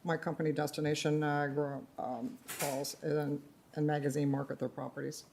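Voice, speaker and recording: A woman councillor in a council chamber, declaring a conflict in a brisk, businesslike way. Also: low voice, flat delivery, creaky, background noise. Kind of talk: formal meeting remarks.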